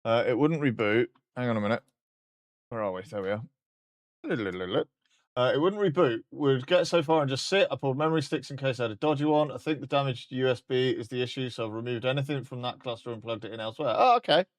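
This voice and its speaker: A man's voice: medium pitch, brisk, no room sound, studio quality. A man streaming a casual chat, joking about himself and swearing now and then.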